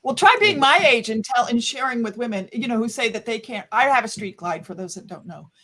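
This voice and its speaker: A woman's voice: a little high, lively intonation, a little fast, bright, forceful tone. Encouraging older woman biker. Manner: candid, encouraging. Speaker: motorcycle rider. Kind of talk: casual group chat.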